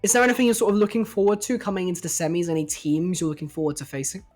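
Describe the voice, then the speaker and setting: Chatty esports co-caster and interviewer, mid-pitched, faint music under. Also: steady tone, rapid-fire, darkish tone. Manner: upbeat, chatty analysis. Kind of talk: esports commentary.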